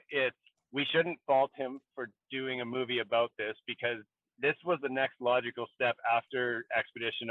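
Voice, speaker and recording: Over a dry, tinny line that sounds like a phone, a podcast co-host chats casually at medium pitch, with no room sound. He thinks out loud, with many restarts along the way.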